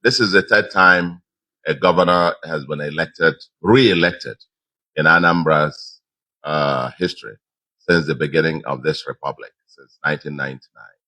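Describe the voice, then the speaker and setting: Nigerian guy giving a speech to supporters, really low voice but bright and forceful, repeats stuff for emphasis. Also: low-quality recording. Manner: measured, repeats phrases for emphasis. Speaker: governor giving a victory speech. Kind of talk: public address to supporters.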